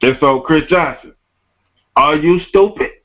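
A man's voice: fairly high pitch, unhurried, dull audio. A man hosting a podcast, ranting emphatically and repeating his words and phrases. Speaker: podcast host. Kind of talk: podcast rant.

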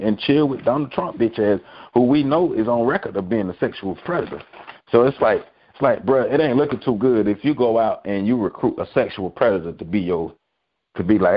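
Man, podcast host, heated profane rant, slightly low voice, dull lo-fi sound. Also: animated, brisk, husky.

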